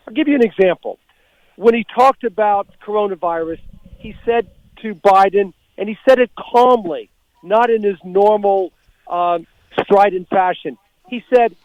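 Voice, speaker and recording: A man calling in as a political guest commentator, talking in a measured, deliberate way with many fillers. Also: high-pitched, dry recording. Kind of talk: radio call-in commentary. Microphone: telephone. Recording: tinny phone line.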